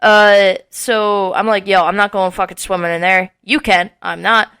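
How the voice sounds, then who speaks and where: A woman in her early twenties on a podcast, telling a long story in casual chat, animated and swearing often. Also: mid-range voice, normal speed, smooth. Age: early 20s. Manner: animated, swearing often, acting out quotes with laughs. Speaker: podcast co-host.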